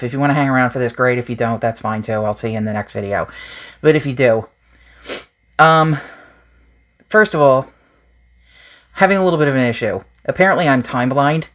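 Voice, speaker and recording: A woman hosting a paranormal channel, chatting casually and candidly with viewers in a rambling, self-deprecating way. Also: extremely low pitch. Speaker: paranormal YouTube channel host. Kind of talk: casual direct-to-viewer chat.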